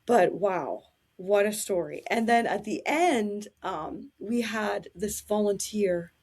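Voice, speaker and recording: A woman telling anecdotes in a casual interview, animated and quick to laugh. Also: mid-range voice.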